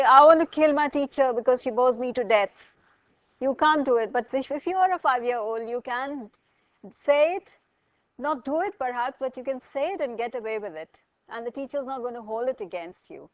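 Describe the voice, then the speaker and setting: A woman's voice: fairly high pitch, darkish tone, dry recording, lo-fi sound. A woman lecturing a college class, asking students questions and explaining with everyday examples.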